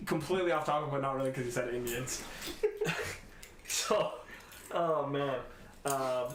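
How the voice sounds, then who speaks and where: A man co-hosting a podcast, telling a story in an animated way and laughing often in casual chat. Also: mid-range voice. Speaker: podcast co-host. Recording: echoey room, faint noise.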